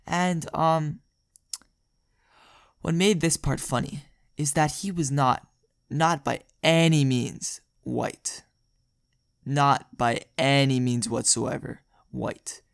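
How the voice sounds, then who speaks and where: Young male vlogger, gravelly voice, dry close sound, rambling storytime delivery. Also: mid-range voice, takes it slowly, long pauses, no echo. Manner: rambling, jokey, laughs often. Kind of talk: casual storytelling.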